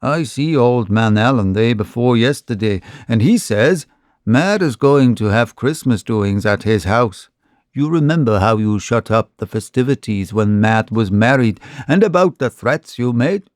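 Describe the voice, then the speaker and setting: A man's voice: medium pitch, expressive, measured pace, no room sound, clean studio sound, lightly acted. A man voicing a blunt, folksy outlaw sidekick who scolds his partner. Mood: scolding.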